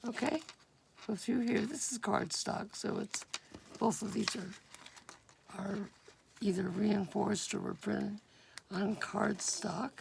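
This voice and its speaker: A woman with a deeply gravelly, gruff voice talks very slowly through a craft project, thinking aloud with plenty of fillers and now and then slipping into a whisper. Clear background noise and clicking tools run under her voice. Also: steady tone. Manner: unhurried, thinking aloud with fillers and drops into whispers while working. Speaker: crafter demonstrating a junk journal project. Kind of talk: casual step-by-step craft demonstration.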